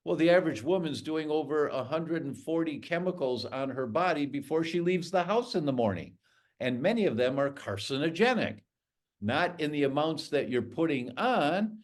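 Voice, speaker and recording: A middle-aged man, a doctor guest on a podcast, talking in an emphatic, storytelling way. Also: a little high. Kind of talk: podcast interview.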